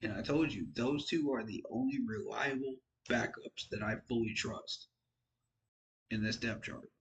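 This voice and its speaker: A man's voice: mid-range voice, a little slow, dull audio, a little hiss or hum. A tired man giving casual, frank football commentary on his own channel, rambling and poking fun at himself. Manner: rambling, frank, self-deprecating. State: tired, yawning. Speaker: sports fan vlogger.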